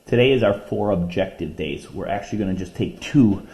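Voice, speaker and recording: Low, mellow-voiced male teacher. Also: lively intonation. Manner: patient, explains step by step, counts syllables aloud; reads poems slowly and deliberately. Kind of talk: recorded classroom reading lesson.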